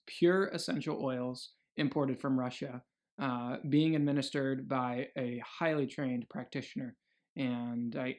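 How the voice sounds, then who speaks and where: An earnest young man speaks in a casual video diary, with a voice of ordinary pitch. He rambles freely and restarts often, with plenty of fillers. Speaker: health vlogger.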